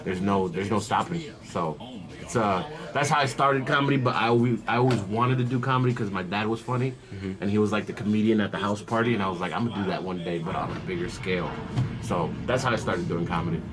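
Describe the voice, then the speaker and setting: A man's voice: fairly low pitch, quick pace, a crowd in the background. A man from Miami, a comedian, casually telling how he got started in comedy. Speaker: comedian guest. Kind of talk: casual interview chat.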